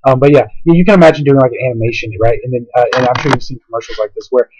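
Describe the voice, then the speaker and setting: A man casually explaining software in a tutorial, rambling with many fillers, recorded at home on a laptop. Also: mid-range voice, rapid-fire, breathy edge, dry recording, rough recording. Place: home, by a window. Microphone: laptop mic.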